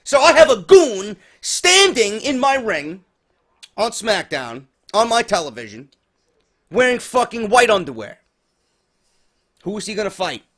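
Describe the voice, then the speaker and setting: A man's voice: high voice, sing-song, a little slow, long pauses, fairly bright tone. A man ranting through a profane, sarcastic review of a wrestling show, exasperated and mocking. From New York.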